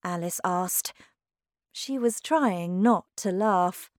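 A woman's voice: fairly low pitch, slow pace, dry recording, studio quality. A woman narrating a children's storybook aloud. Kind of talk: storybook reading.

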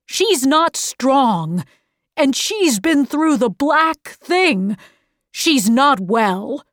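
Woman reader as a protective storybook father: earnest, firm, slow. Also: a little high, expressive, no room sound, clean studio sound, exaggerated voice. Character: determined, protective middle-aged father.

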